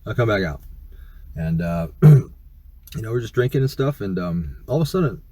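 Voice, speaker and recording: A man's voice: mid-range voice, very animated, normal speed, vocal fry, warm tone, husky, no room sound. A middle-aged man telling a story casually to camera in a rambling, profane way full of fillers. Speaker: YouTuber.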